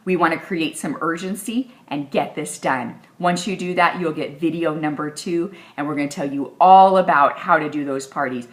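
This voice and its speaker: A woman's voice: low voice, normal speed, hardly any pauses. A woman leading a sales training session, talking in a direct, upbeat coaching manner. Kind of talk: training video talk.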